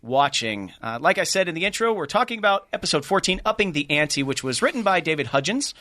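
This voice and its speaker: A man in his forties co-hosting a casual podcast chat, playful and quick with teasing asides. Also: a little high, sing-song, bright, forceful tone, no room sound. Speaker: podcast co-host.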